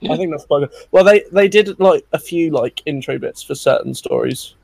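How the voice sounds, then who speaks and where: A man co-hosts a casual podcast chat with eager agreement. His voice sits a bit high, and it is recorded dry and close. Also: moderate pace, vocal fry, darkish tone, dry recording. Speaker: podcast co-host.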